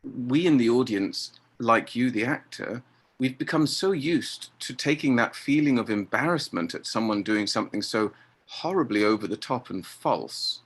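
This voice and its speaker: A man's voice: mid-range voice, animated, normal speed, breathy edge. A man, a theatre director speaking articulately in an interview. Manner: articulate, acts out voices in quotes. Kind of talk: interview conversation.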